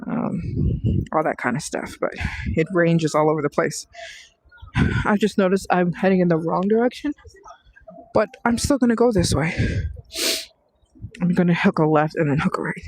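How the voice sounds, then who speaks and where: A woman's voice: fairly low pitch, moderate pace, long pauses, darkish tone, rough recording. A woman vlogger chatting casually on a phone livestream as she walks outdoors, rambling and sometimes dropping to a whisper. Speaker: travel vlogger. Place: outdoors on city streets and temple grounds. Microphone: handheld phone.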